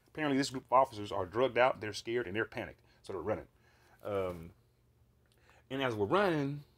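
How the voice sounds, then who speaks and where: A man recounting a vivid dream in a casual monologue, swearing freely and rambling with fillers and restarts. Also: lowish voice. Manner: profane, animated, rambling with fillers.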